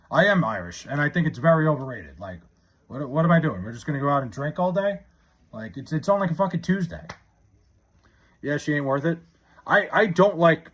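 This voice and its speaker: Husky, animated young man rambling on stream. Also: a little high. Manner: rambling, profane, with frequent restarts. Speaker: livestreamer reading chat. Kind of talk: casual live-stream chat.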